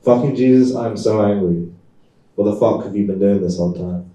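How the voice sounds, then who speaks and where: Furious sister-in-law voiced by a man, raised swearing voice, dark tone, echoey room, far mic. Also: fairly even intonation, quick pace, close to an everyday voice. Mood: outraged. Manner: swearing, shrill outrage. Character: exasperated younger-middle-aged woman, sister-in-law.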